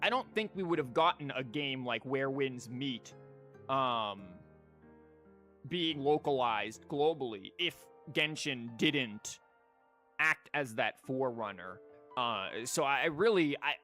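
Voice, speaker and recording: A man's voice: medium pitch, animated, slow, pushed and bright. Chatty, rambling male streamer. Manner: rambling, jokey, full of fillers and restarts. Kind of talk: casual live-stream chat while gaming. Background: game music.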